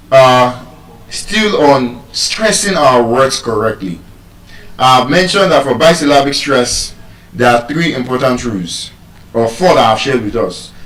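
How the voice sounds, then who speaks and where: Casting note: Nigerian man giving a slow, measured public-speaking lesson, recorded far from the mic in an echoey room. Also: medium pitch, a bit bright. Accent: Nigerian English. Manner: slow, deliberate, spells out letters. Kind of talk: lecture on word stress.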